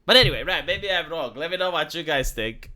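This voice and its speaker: Commentary streamer, sarcastic and rambling, pitch swooping up and down a lot. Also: lively intonation, a little fast, sharp tone. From Romania. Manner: rambling and sarcastic, heavy on fillers. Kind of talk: casual commentary vlog.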